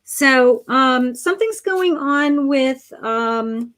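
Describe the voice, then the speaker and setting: This middle-aged psychic livestream host has a high, animated voice and talks very slowly. She speaks softly and wanders, with frequent fillers and restarts, affectionately addressing viewers as honey and sweetheart, a little hoarse as she says she's losing her voice.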